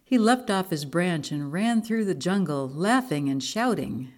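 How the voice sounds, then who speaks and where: A woman's voice: on the low side, a little slow. Woman reading a children's story aloud. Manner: expressive storytelling. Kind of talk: reading a picture book aloud.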